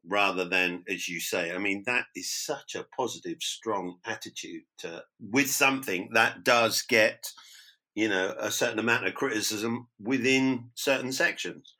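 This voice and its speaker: A man's voice: on the low side, measured pace, pushed and bright. A man hosting a podcast, asking questions and encouraging his guest in casual chat. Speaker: podcast host.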